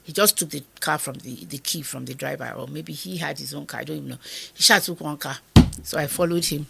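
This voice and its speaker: A woman's voice: sits low, a little fast, gravelly, bright, forceful tone, slight background noise. A Nigerian woman in her fifties, an interview guest telling an emotional personal story and acting out the dialogue as she goes. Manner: vivid retelling that acts out the dialogue.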